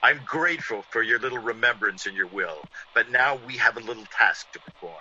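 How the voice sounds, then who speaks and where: An actor playing a vengeful, menacing ex-convict who sneers and gloats, in 1940s radio acting on a dull old radio recording. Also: male voice, medium pitch, fairly quick, pushed and bright, a little hiss or hum. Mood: gloating. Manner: sneering, theatrical villain with gloating laughs.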